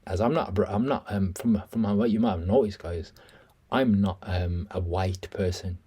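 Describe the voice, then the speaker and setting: A man's voice: deep voice, normal speed, mellow, breathy edge. A man with a Birmingham accent, chatting casually to viewers while breaking down a boxing press conference. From England. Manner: chatty, keeps addressing viewers as "guys". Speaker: boxing commentator on video.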